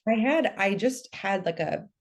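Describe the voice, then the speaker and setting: A woman's voice: medium pitch, unhurried. A woman guest telling a spooky personal story in casual conversation, chatty with lots of fillers. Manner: animated storytelling with many fillers. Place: lives in Tennessee.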